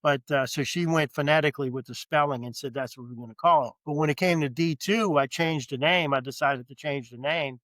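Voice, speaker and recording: Speaking briskly with few pauses, a middle-aged man with a New Orleans accent chats casually as a podcast guest, telling stories with easy humor and jokes. He is from New Orleans, Louisiana. His voice is fairly high and fairly bright, with no echo.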